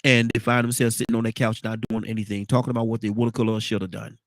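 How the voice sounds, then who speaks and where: A man's voice: on the low side, level tone, very fast, dry recording. Male talk host, congested, rambling and repetitive, dry close sound. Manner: rambling, repeats words, folksy asides. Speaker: radio talk show host. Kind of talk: casual morning talk show chat.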